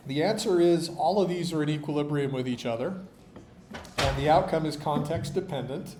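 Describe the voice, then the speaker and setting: A man's voice: on the high side, darkish tone, slight background noise. A man lecturing a university chemistry class, explaining with dry jokes, his voice tired. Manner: explanatory, dryly joking. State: tired voice, occasional coughing.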